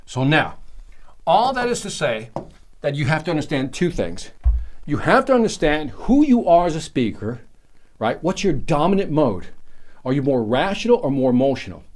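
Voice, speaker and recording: Middle-aged guy running a sales training, excitable, pitch jumping all over, slightly high voice. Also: normal speed. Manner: animated, excitable, emphatic, talks to the listener directly. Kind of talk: energetic seminar teaching.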